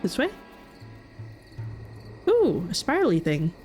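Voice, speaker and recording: A woman's voice: medium pitch, wildly swooping pitch, takes it slowly, darkish tone, soft background music. A woman giving casual, jokey commentary while playing through a game, reacting with nervous laughs. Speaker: gaming video creator.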